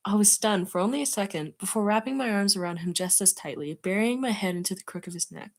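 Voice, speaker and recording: A woman's voice: medium pitch, fast, hardly any pauses. Streamer, woman, casual read-aloud, giggly, chats to viewers. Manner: giggly, breaks off to comment. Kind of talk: reading fan fiction aloud on stream.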